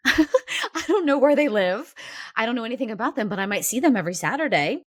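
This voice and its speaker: A woman podcast host talking through her inner parts in a halting, searching way, close to tears. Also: fairly high pitch, sing-song, no echo. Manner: halting, searching, many restarts. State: near tears. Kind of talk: reflective therapy conversation.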